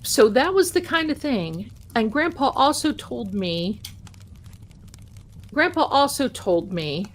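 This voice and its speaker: This live trivia stream host is a woman with a fairly high, sing-song voice who speaks slowly. In casual chat with viewers, she recounts a folksy story from when she was a kid.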